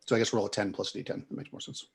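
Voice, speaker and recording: A man's voice: lowish voice, very fast, creaky, noisy background. A man narrating a tabletop game as game master, rambling descriptions with many restarts. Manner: rambling, full of fillers and restarts.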